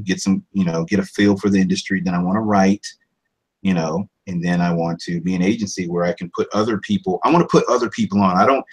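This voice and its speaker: A voice over artist in his thirties talks casually in an interview, his voice carrying a breathy edge on a rough recording. He rambles, restarts often, and jumps into higher-pitched impressions.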